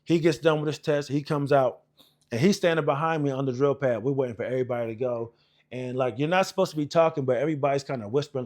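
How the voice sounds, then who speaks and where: Forties male veteran, slightly high voice, casual swearing storyteller with many ums. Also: brisk. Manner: rambling and profane, with many fillers and restarts. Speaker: Air Force veteran recounting his service.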